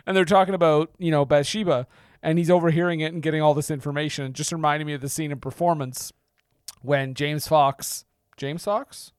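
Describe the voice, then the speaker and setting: A chatty male podcast co-host who laughs often while picking apart scenes. His voice is a bit high. The recording is dry and close. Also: fairly even intonation, fairly quick, clean tone, no room sound. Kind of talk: casual film podcast chat.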